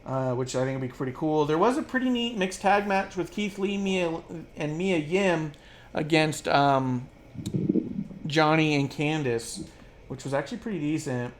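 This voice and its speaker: A podcast co-host in casual chat, rambling and swearing freely, with plenty of fillers and quick mocking asides. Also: medium pitch, slight background noise. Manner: rambling, profane, filler-heavy; drops into quick mocking impressions.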